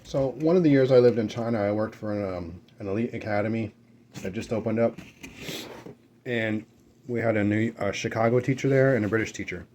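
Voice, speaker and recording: Low-voiced man chatting while eating. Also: fairly quick, a little hiss or hum. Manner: rambling, relaxed, with fillers and self-corrections. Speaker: mukbang vlogger. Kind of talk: casual eating chat and storytelling. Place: at home with dogs nearby.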